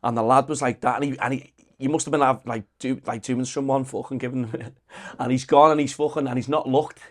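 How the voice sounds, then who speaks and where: A man's voice: mid-range voice, fairly even intonation, brisk. A male podcast host, chatting casually, rambling and swearing as he laughs along. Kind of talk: casual chat.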